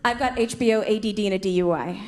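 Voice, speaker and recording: A young woman performing a stand-up comedy set on a club stage, punchy and quick. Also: medium pitch. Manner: punchy, quick impressions of her parents. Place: comedy club stage before a laughing crowd. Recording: noisy live club recording.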